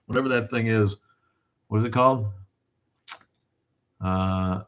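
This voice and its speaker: A man's voice: on the low side, measured pace, a bit bright. Profane, rambling middle-aged man. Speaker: livestream host. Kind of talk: casual livestream chat reading viewer comments.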